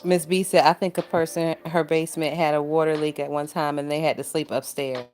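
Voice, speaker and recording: A young woman hosts a casual YouTube commentary stream, swearing, laughing a lot and sounding exasperated as she reads live chat. Her low voice is brisk and darkish with fairly even intonation, recorded on a phone over soft background music.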